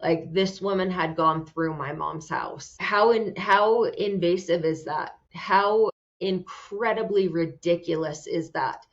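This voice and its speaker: A woman's voice: on the low side, slow. A woman host giving casual commentary in a blunt, profane, heated way. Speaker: podcast host. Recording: dull lo-fi sound.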